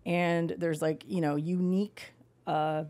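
A woman's voice: on the low side, little pitch movement, unhurried, dark tone. A middle-aged woman co-hosting a podcast, telling stories in a chatty, emotional way and acting out what people said. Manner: chatty storytelling, emotional, acts out quotes. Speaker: podcast co-host. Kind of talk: casual chat.

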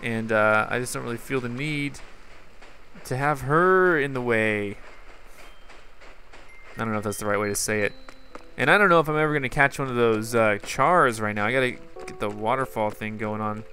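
In a mid-range, sharp-toned voice at normal speed, a gaming YouTuber chats casually and rambles over his gameplay, talking directly to the people watching. There's a little hiss or hum on the recording.

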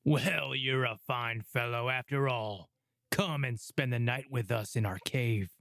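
A man doing a gravelly blustering giant. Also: mid-range voice, a little slow, a bit bright, dry recording, clean studio sound. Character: huge gruff male giant, slow-witted.

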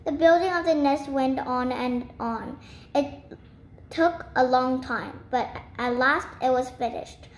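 High-voiced woman reading a storybook. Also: slow. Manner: careful reading with small slips. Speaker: reader. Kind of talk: storybook read-aloud. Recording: echoey room, faint noise.

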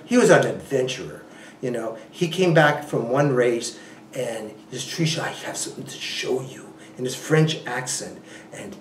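A man being interviewed, spinning anecdotes in a lively, swooping voice that climbs high and drops low, laughing often and restarting sentences. His voice is a little high for a man. He sits back from the microphone in a reverberant room with a faint hiss. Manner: animated, laughing often, many restarts and you-knows. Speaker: ultrarunner guest. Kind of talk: casual interview storytelling. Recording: roomy, a bit distant from the mic.

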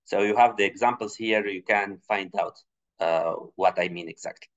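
A man giving an academic conference talk, explaining slides with many fillers and restarts. English is not his first language; he grew up speaking Tunisian Arabic. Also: moderate pace. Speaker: conference presenter. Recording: muffled low-fidelity recording.

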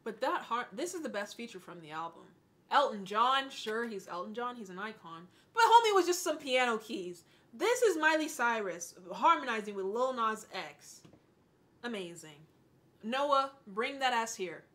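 A woman in her twenties hosting a casual music reaction, gushing and excitable, swearing when she gets worked up. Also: a little high, normal speed. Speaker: music reaction channel host.

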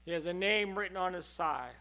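A man with a high, bright, ringing voice preaching a sermon in a church. He is impassioned, dropping to a hush and then rising to loud cries. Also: lively intonation, fairly quick, smooth. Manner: impassioned, swings between hushed and loud.

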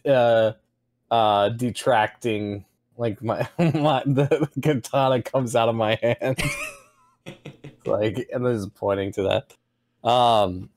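A man playing a tabletop game, speaking hesitantly and halting with many fillers. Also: medium pitch, a little mellow. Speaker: player. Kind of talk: tabletop game play, casual.

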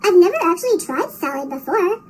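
A grumbly, picky big dinosaur from a picture book, voiced by a woman reader. Still squeaky and very high from the chipmunk effect, and a hiss sits under it. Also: lively intonation, fairly quick. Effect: sped-up chipmunk pitch effect. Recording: noisy sped-up recording.

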